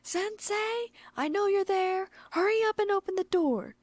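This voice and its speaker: A woman's voice: measured pace, dry recording. A woman voicing a frantic young female stalker who shrieks through a door in an audiobook. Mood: yelling frantically. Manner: shrill, yelling.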